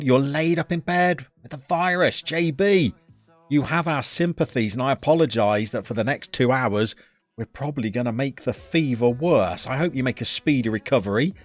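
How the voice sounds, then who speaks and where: A man's voice: medium pitch, no room sound. A middle-aged man, chatting casually as he hosts a live stream and greets viewers by name.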